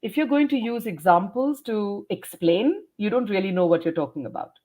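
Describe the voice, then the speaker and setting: Lively, emphatic woman educator. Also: mid-range voice, normal speed. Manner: emphatic, sounds out words like a teacher. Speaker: educator and trainer, interview guest. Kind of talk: interview answers, teaching explanation.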